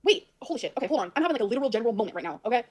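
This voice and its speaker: A woman talks to her viewers on a livestream at a breakneck pace, in a slightly high voice. She rambles and gets flustered, swearing as she goes. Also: sing-song, racing.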